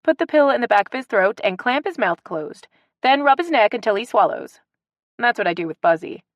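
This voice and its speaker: A woman's voice: fairly high pitch, animated, fairly quick, no room sound, lo-fi sound, pitched above the performer's own voice, close to an everyday voice. A woman voicing a cheerful, playful young professional woman in an audiobook romance. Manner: bright and playful, softer in intimate moments.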